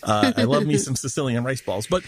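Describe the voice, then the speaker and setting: A man's voice: mid-range voice, fairly quick. A man co-hosting a podcast, chatting casually about a TV episode and joking often. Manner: animated, jokey, laughs often. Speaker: podcast co-host. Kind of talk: casual TV recap chat.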